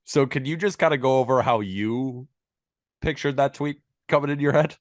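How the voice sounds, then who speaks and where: A man's voice: mid-range voice, normal speed, no room sound, studio quality. A man co-hosting a casual sports podcast, ranting in a heated, emphatic way that builds as he goes. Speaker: co-host.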